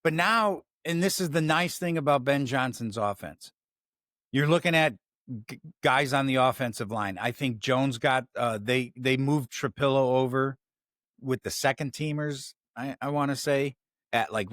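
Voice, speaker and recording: A man's voice: mid-range voice, measured pace, a bit bright, dry recording, clean studio sound. A man with a Chicago accent hosting a casual sports talk show, rambling, swearing and breaking off his own sentences. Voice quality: profane, rambling, self-interrupting. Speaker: sports podcast host.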